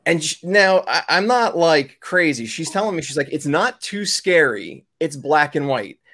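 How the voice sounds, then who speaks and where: A man's voice: on the high side, big pitch swings, normal speed, a bit bright. Rambling male storyteller from New York. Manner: rambling, many fillers and self-corrections. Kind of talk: casual storytelling chat.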